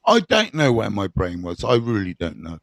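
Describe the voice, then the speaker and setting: A man's voice: on the low side, wildly swooping pitch, moderate pace, gravelly, fairly bright tone, no echo. A middle-aged English man, a recovery mentor, telling his story in casual, candid talk with slang and swearing.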